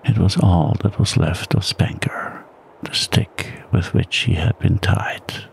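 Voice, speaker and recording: Calm, deep, soft-spoken male storyteller. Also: slow, creaky. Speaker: narrator. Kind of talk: soft-spoken ASMR bedtime story reading. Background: blizzard wind sound.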